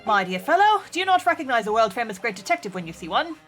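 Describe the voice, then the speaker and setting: A woman's voice: on the high side, very animated, quick pace, a bit bright. A woman voicing a pompous male Victorian great detective, grandiose and formal, over game music. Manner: grandiose, theatrical, formal diction.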